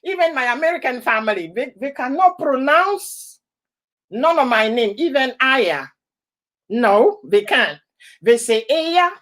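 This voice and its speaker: A woman's voice: sits high, very animated, unhurried, a bit bright. A woman from Ivory Coast hosting a casual live stream, often laughing and greeting viewers by name. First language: an Ivorian language.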